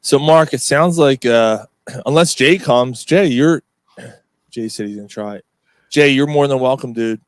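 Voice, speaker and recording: A man co-hosting a casual chat show, sitting at a middling pitch. He rambles, swears freely and leans on fillers. The sound is close and dry, with no room around it. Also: a little slow, clear, resonant tone, no echo. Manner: rambling storyteller, swears often, many fillers. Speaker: podcast co-host. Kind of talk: casual pub-style chat.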